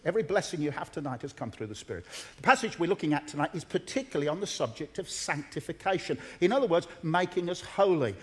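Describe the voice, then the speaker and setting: High-voiced man preaching earnestly. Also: darkish tone. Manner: earnest, emphatic, repeats key phrases. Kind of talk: sermon.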